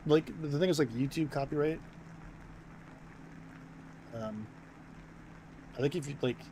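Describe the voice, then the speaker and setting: A man's voice: a little high, unhurried, warm tone, slight background noise, rough recording. A young American man streaming and chatting casually, rambling with many fillers and restarts. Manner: rambling, filler-heavy, self-interrupting.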